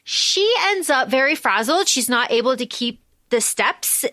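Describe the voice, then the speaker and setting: Lively woman co-host, raised voice. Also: high voice, a little slow, no echo. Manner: animated, acts out scenes in quoted voices, swears casually. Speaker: podcast co-host. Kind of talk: casual movie recap chat.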